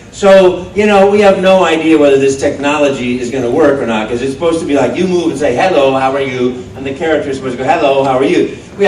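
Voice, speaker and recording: A man with a fairly high voice spins a lively story for a panel crowd, jumping into other people's voices as he goes. He was taped on a phone far out in the audience, so he sounds distant in a big echoey room with faint ambient noise. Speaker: voice actor guest on a panel. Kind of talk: anecdote told to a fan panel. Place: large convention panel room. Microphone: phone held in the audience, far from the stage.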